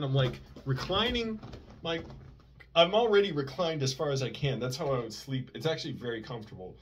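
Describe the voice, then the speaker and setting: A man's voice: a little high, expressive, brisk, slight background noise. A man vlogger telling a personal story in a rambling way, often correcting himself and using many fillers.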